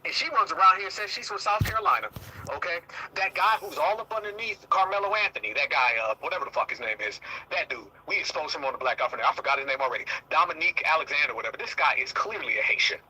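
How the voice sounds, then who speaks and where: A man's voice: fairly high pitch, animated, fast, bright, forceful tone, a little hiss or hum, poor audio. A man hosting a heated commentary talk show, emphatic and repetitive, often swearing. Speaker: host.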